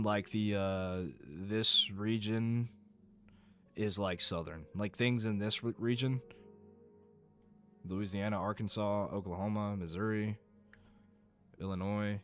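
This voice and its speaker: A young man from North Carolina chatting casually on a live stream, rambling, swearing and joking at his own expense. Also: on the low side. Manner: rambling, swearing, self-mocking.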